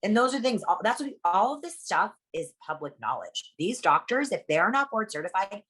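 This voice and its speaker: A woman's voice: medium pitch, sing-song, fairly bright tone, husky. A young woman from Guatemala, a guest in a casual interview, talking bluntly and emphatically with plenty of swearing. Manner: blunt, profane, rapid-fire and emphatic. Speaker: interview guest, plastic surgery practice worker.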